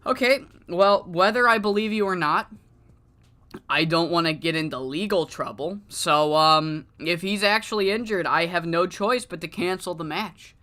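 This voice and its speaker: A harried wrestling promoter stammers through exasperated, profane replies in a wrestling-game skit, a man putting him on. His voice stays bright and forward. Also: high voice, normal speed. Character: flustered male wrestling promoter, quick to give in.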